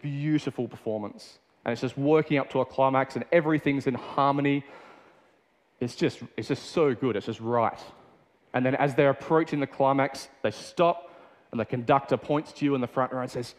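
Chatty Australian man preaching in a reverberant hall. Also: medium pitch. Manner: casual and chatty, with many fillers and restarts. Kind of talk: sermon.

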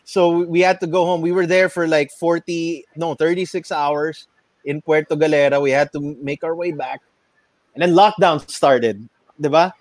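Filipino male host, high voice, loose rambling talk, dry sound. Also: steady tone, moderate pace, no echo. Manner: rambling, self-correcting, mixes Tagalog into English. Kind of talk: casual chat.

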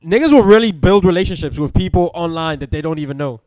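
A man's voice: a little high, expressive, quick pace, darkish tone, no room sound. A young man, trading slangy, profane jokes in casual banter as a co-host.

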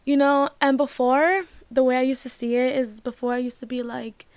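Young woman, smooth and close. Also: sits high, fairly even intonation, moderate pace, darkish tone, no room sound. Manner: rambling, emotional, heavy use of "like", swears casually. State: tearful. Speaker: vlogger. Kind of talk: casual personal talk to camera.

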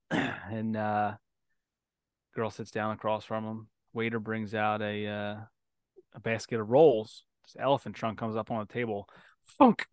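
A man co-hosting a podcast, telling crude jokes and reading listener letters with loud laughter and free swearing. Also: fairly low pitch, clear, resonant tone, dry recording. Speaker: podcast co-host. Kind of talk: crude casual podcast banter.

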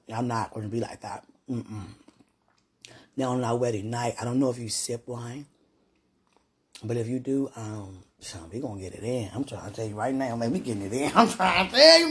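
A husky, breathy woman speaking in a loose spoken monologue, addressed to a loved one and to God. She drifts between hushed, prayerful musing and giggling excitement. Her speech comes in fits and starts. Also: very deep voice, a little fast. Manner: laughs often, talks in fits and starts.

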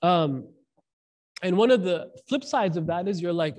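A man giving a casual, animated sermon, telling a story in everyday slang and acting out the people in it. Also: high voice, moderate pace. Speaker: preacher.

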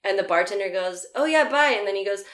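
A woman in her thirties chats casually and acts out every line she quotes, her voice at an ordinary middle pitch. She works as a comedian. The recording carries a roomy echo. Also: quick pace. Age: 30s. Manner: animated storyteller, acts out quotes. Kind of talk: casual chat.

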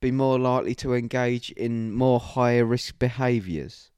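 A man's voice: medium pitch, steady tone, normal speed, a little mellow, clear, resonant tone, no echo, studio quality. Sweary, mocking man. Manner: sweary, mocking, laughs often. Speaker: podcast co-host. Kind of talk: crude casual banter.

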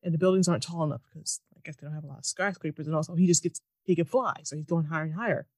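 Animated woman in casual recap chat. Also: low-pitched, dry recording. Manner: animated, mocking, quick quoting of characters. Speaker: podcast co-host recapping a TV episode.

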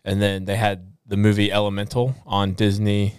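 A young man with a smooth, fairly low voice, telling a story in an easygoing way. The recording is dry and close. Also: little pitch movement, normal speed, no room sound. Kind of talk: casual chat.

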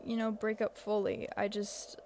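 A woman's voice: mid-range voice, completely flat delivery, normal speed, creaky, darkish tone, a little hiss or hum. A seventeen-year-old girl hosting a podcast, giving casual, rambling advice with lots of fillers and self-deprecating asides. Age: teens. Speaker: podcast host.

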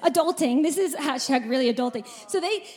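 A woman pastor preaching a sermon to a congregation in a church, with energetic, emphatic delivery and repeated phrases. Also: high-pitched, brisk. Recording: reverberant church hall.

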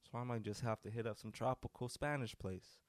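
A man's voice: mid-range voice, fairly quick, no echo. A young man hosting a casual solo podcast, rambling loosely with lots of fillers and restarts. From North America. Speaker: podcast host.

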